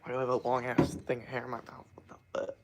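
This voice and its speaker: A man's voice: medium pitch, monotone, very fast, background noise. Profane young man chatting on a livestream. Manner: loose, rambling and heavily profane. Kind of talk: casual livestream chat to viewers.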